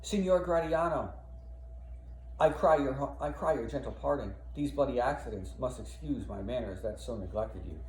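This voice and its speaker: A man's voice: mid-range voice, lively intonation, normal speed, darkish tone, lightly acted. A man voicing a scheming male villain who feigns concern, declaiming verse. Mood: falsely concerned. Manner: declaiming verse with false sympathy. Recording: echoey room, faint background noise.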